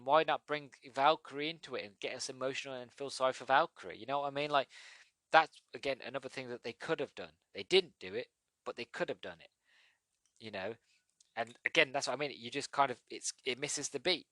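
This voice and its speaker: A man hosting a podcast, giving a casual movie review in a rambling, animated way with many restarts. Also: medium pitch, no room sound. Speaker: podcast host.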